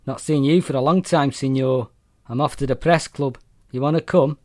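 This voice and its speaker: A man voicing a jovial drunk middle-aged rogue whose slurred Welsh accent has faded toward Mancunian, loud and matey. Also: mid-range voice, moderate pace, dry recording, clean studio sound, close to an everyday voice. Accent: Welsh fading into Mancunian.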